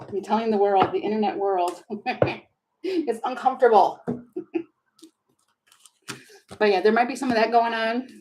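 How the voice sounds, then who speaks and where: Woman, tarot reader on a live stream, slightly high-pitched, keeps giggling and getting flustered. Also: a little slow, pauses often, darkish tone, slight background noise, poor audio. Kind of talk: live tarot reading chat.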